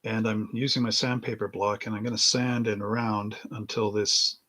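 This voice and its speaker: A man's voice: lowish voice, little pitch movement, moderate pace, pushed and bright. A middle-aged man hosting a model-building livestream, rambling through anecdotes in casual chat and chuckling often as he works at his bench.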